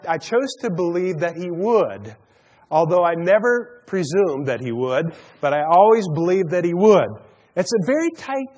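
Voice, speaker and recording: A man's voice: high voice, darkish tone. A man teaching a Bible study sermon, telling stories and jokes, often stumbling and repeating words as he goes. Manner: stammering repeats, storytelling with a joke. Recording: long hall reverb.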